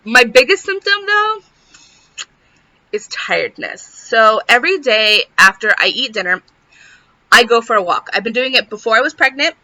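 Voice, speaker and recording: A woman's voice: on the high side, sing-song, normal speed, sharp tone, no room sound. A young pregnant woman vlogging in casual chat, rambling and saying "like" constantly. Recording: dull lo-fi sound.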